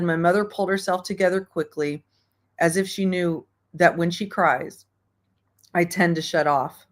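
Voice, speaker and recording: Frank, rambling woman hosting a book club. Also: on the low side. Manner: frank, rambling, profanity with fillers. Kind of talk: reading aloud and casual book discussion.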